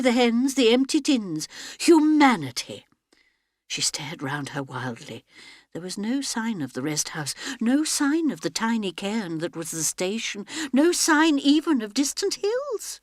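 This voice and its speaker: A woman's voice: on the high side, dry recording, clean studio sound. A woman narrating an audiobook dramatically, often dropping to a whisper.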